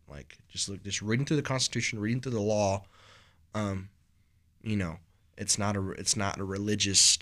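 Bright-voiced young man, rambling. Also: on the low side, fairly even intonation, moderate pace. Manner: rambling storyteller, lots of "like" and "bro". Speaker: podcast co-host. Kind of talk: casual podcast chat.

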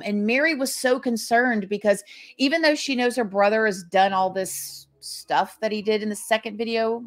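A woman hosting a true crime commentary, speaking emphatically and indignantly. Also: fairly high pitch. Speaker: true crime channel host.

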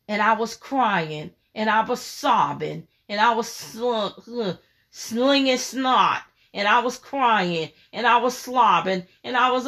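Fervent woman preacher, slow and bright. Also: medium pitch. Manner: emphatic, fervent preaching with repeated phrases; reads scripture in a slow, measured cadence. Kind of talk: sermon.

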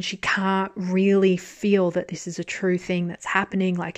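A woman casually reviewing a drama in a chatty, candid way, with frequent filler words and casual swearing. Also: mid-range voice.

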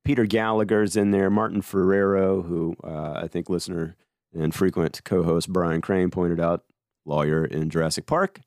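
Low-voiced playful male podcast host. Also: fairly even intonation, moderate pace, a little mellow, no room sound. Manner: playful, role-plays a studio mogul. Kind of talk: casual chat about films.

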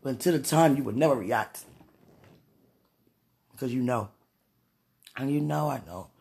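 A vlogger speaking an emotional, pleading prayer to the camera, swinging between quiet murmurs and excited bursts. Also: medium pitch, normal speed, creaky, breathy edge. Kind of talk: casual spoken prayer to camera.

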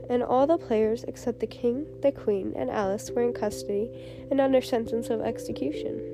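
A woman's voice: a little high, vocal fry. Woman narrating a storybook over music. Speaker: audiobook narrator. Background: background music.

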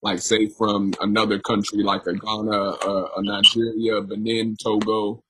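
A man's voice: lowish voice, little pitch movement, a little slow, background noise. A man interviewing a guest, asking long rambling questions with many fillers. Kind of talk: conversational interview.

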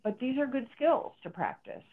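Her voice sits high and sounds animated as this middle-aged psychotherapist, an interview guest, speaks at a moderate pace. She is earnest and explanatory, dramatizes the speech she quotes, and comes through a narrow, phone-like sound.

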